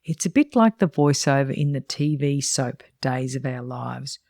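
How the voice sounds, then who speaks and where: A middle-aged woman who mentors salon owners and hosts a podcast reads her own book aloud in a frank, chatty manner with wry asides. Her voice is rumbling low and darkish at a moderate pace, recorded with studio quality and no echo.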